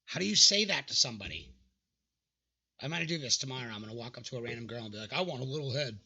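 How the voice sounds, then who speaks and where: A man's voice: mid-range voice, big pitch swings, racing, gravelly, bright, forceful tone, lo-fi sound. A young man hosting casual reaction commentary, mocking dating app messages in an exasperated way and swearing freely. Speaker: channel host reacting to dating app screenshots.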